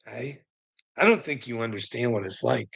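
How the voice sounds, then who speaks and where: Gravelly, raspy man venting with laughs. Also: medium pitch, moderate pace, fairly bright tone. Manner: heavy swearing, frequent nervous laughs, agitated. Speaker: vlogger. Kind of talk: rambling monologue to camera.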